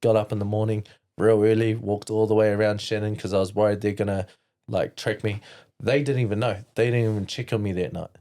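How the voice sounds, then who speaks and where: A New man talking as a podcast guest, his voice low and warm. He rambles through a personal story, candid, with plenty of fillers and casual swearing. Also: steady tone, a little fast. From New Zealand.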